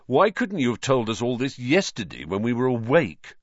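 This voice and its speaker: A man's voice: mid-range voice, big pitch swings, moderate pace, no room sound, highs cut off, voice pushed up. A man voicing a sardonic teenage boy who teases in a dry, matter-of-fact way. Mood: wry.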